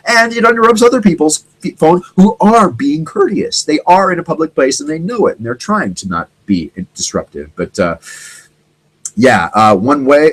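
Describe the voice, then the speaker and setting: Rambling and animated, a medium-pitched man runs a casual solo talk show as host, now and then mimicking how others talk. The audio is of poor quality.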